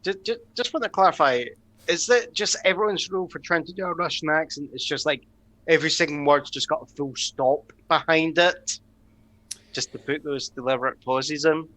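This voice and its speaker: A man's voice: fairly high pitch, moderate pace, sharp tone, no echo. A man in casual out-of-game chat among tabletop players, trading dry, wry banter.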